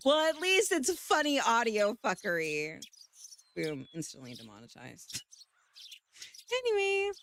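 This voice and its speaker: A woman's voice: on the low side, huge pitch swings, unhurried, creaky, a bit bright, no echo. A woman streaming live, chatting casually and reading a visual novel aloud, laughing often and swearing freely.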